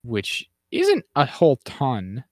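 A man co-hosting a casual podcast, rambling through recaps with fillers and restarts, dropping into quick mimicked lines. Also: medium pitch, huge pitch swings, no room sound, studio quality. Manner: mimics characters in quick acted asides. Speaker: podcast co-host. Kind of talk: casual chat.

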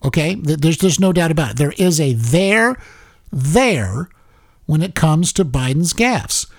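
Male talk host, higher voice, dry close sound, animated political commentary. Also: unhurried, dry recording. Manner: animated, repeats words and restarts.

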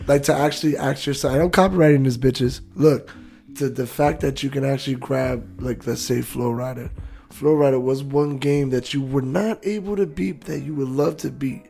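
A man's voice: mid-range voice, normal speed, gravelly, faint music behind. A man from Brooklyn with a New York accent, telling stories animatedly in a casual podcast chat. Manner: animated storyteller, acts out quotes. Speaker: podcast co-host.

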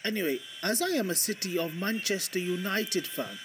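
A man's voice: high-pitched, animated, moderate pace. A man leaving a voice message in a bad mock Indian accent, playing a crude, brash caller. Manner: crude, abrupt insults, bad put-on accent. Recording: noisy voice message.

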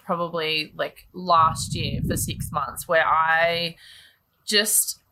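A woman's voice: sits low, fairly even intonation, slow, sharp tone. A woman chatting candidly, swearing freely and filling her talk with likes and ums. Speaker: guest sharing her story. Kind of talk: casual chat.

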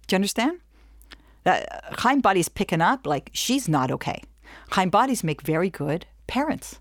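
A middle-aged woman teaching a webinar in an animated, chatty way, slipping into quick snatches of dialogue. Her voice sits on the low side for a woman. The recording is close and dry, with no room sound. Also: dry recording. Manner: animated, acts out little dialogues with laughs. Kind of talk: lively talk to an audience.

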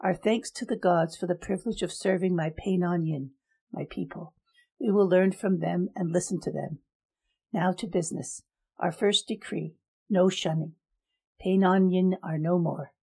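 A woman voicing a cold young male emperor who speaks in measured, formal decrees in a storybook reading. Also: fairly low pitch, steady tone, vocal fry, warm tone, slightly rough.

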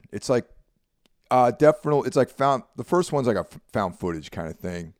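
A man's voice: medium pitch, animated, brisk, a little mellow, no echo, studio quality. A man co-hosting a podcast in laid-back, rambling casual chat, often checking in with his co-host. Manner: laid-back, rambling, leans on "you know what I mean".

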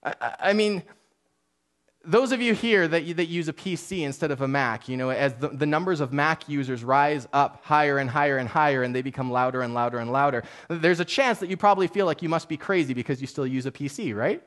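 High-voiced Canadian pastor, chatty sermon. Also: male voice, brisk, fairly bright tone. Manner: conversational, self-deprecating, frequent restarts.

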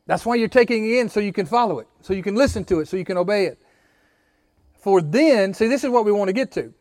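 A man's voice: sits high, no room sound, studio quality. A man preaching a sermon as pastor, building emphasis and leading the congregation in call-and-response.

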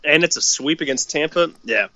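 A man's voice: fairly high pitch, moderate pace, gravelly, sharp tone, no room sound, highs cut off. A man co-hosting a casual hockey podcast, swearing freely and ranting with strong opinions. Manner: profane, fired-up hockey opinions. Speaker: podcast co-host. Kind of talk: casual sports chat.

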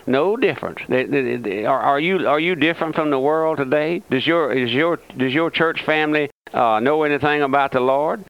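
A man's voice: mid-range voice, clean tone, no room sound. An older man preaching a fervent sermon on the radio, pleading with listeners through rhetorical questions. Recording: dull lo-fi radio broadcast.

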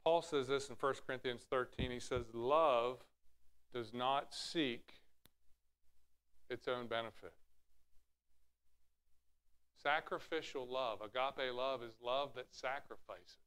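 A man's voice: mid-range voice, a little slow, fairly bright tone, clean tone. A man preaching a sermon, teaching from scripture with rhetorical questions and acting out Bible scenes in raised voices. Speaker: pastor.

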